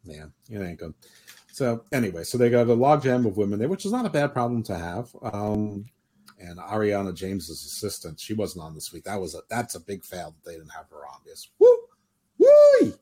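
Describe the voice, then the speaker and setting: A man's voice: fairly low pitch, animated, brisk, a little mellow, slightly rough. A man hosting a podcast in casual chat, opinionated and rambling, often restarting his sentences. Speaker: podcast host.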